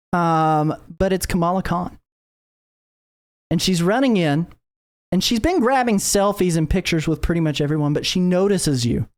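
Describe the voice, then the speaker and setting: A man's voice: high-pitched, clean tone. A man narrating as game master of a tabletop game, telling the scene loosely with many fillers and restarts. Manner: loose, filler-heavy storytelling.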